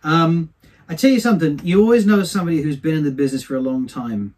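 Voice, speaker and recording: A man, a singer, being interviewed and telling anecdotes from his career in a chatty, animated way. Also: a little high, quick pace, breathy edge. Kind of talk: casual storytelling.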